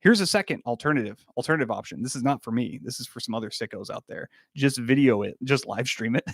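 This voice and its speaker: A man's voice: mid-range voice, expressive, fast talker, no echo, studio quality. Jokey young man chatting on a livestream. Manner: laughs often, jokey, reacts to chat comments. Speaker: livestream host answering chat. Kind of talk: casual livestream chat.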